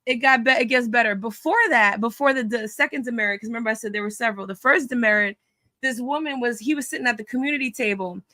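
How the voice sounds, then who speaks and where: A woman's voice: on the high side, fast talker, sharp tone, dry recording. A woman hosting a casual online chat, telling a story in a blunt, mocking way. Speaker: host.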